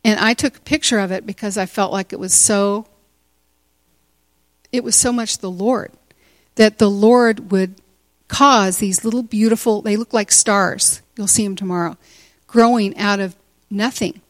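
A woman in her sixties telling a personal story to a church gathering, animated and often laughing. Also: mid-range voice, unhurried, dry recording. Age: 60s. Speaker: teacher speaking at a church retreat.

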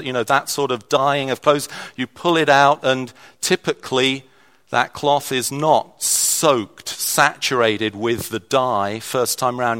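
A man's voice: mid-range voice, fairly bright tone, clear, resonant tone. A man preaching a sermon in a conversational way, with restarts and shifting emphasis.

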